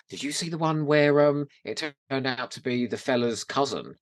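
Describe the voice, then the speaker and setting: A man co-hosting a podcast, talking in an animated, exclaiming way and often breaking into laughter. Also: mid-range voice, moderate pace, hardly any pauses, no room sound. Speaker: podcast co-host. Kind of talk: casual chat.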